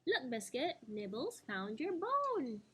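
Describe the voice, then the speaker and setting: A woman reading aloud as a cheerful little girl from a picture book, sing-song and lifted a touch. The lines are spoken slowly and clearly for small children. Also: sits high, wildly swooping pitch, slight background noise, full character voice. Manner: bright, sing-song storybook dialogue. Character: cheerful young girl owner of the puppy.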